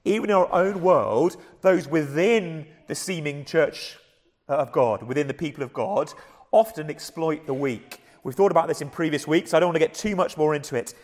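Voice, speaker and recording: Hoarse English preacher in a reverberant hall. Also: male voice, fairly high pitch, moderate pace, a little mellow. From England. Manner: earnest, conversational, with frequent repeated starts. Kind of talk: sermon. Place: church.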